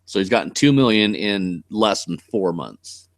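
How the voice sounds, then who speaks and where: A man's voice: fairly low pitch, lively intonation, measured pace, no room sound. A man with a West Coast American accent chatting casually on a live stream as the channel host, blunt, rambling and cursing freely.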